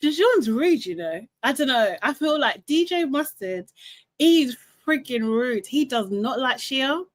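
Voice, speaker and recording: A young woman hosts a casual live recap stream, chatty and animated, laughing often and reading out comments from the chat. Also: high voice, measured pace. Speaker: live show host.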